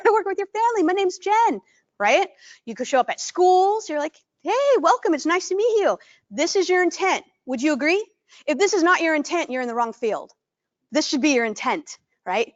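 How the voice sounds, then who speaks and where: Woman trainer, high voice, animated, frequent check-in questions, dull lo-fi sound. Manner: animated, acts out greetings in a bright voice. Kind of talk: live workshop presentation.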